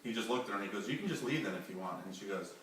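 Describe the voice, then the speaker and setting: A man's voice: lowish voice, expressive, rapid-fire, fairly bright tone. A man chiming in to retell an argument, repeating what people said. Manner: chimes in, repeats quoted lines. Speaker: family member recounting the incident. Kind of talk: casual storytelling. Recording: very echoey room, distant mic, faint hum.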